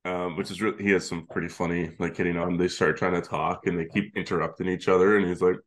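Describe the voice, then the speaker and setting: A man's voice: low voice, little pitch movement, fast. A man co-hosting a podcast in casual chat, recapping the plot at length with laughs and the odd swear word. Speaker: podcast co-host.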